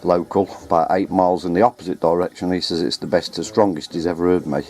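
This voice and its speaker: A radio hobbyist vlogger, a man with a low, darkish voice and little pitch movement, talks fast as he rambles to a handheld camera mic outdoors at home. He works on ladders and in the garden, giving casual running commentary and correcting himself along the way.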